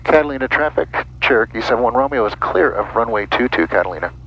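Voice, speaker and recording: A man who is a pilot, making brisk radio calls and chatting in a small plane's cockpit over a headset. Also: medium pitch, lively intonation, creaky, dull audio, background noise.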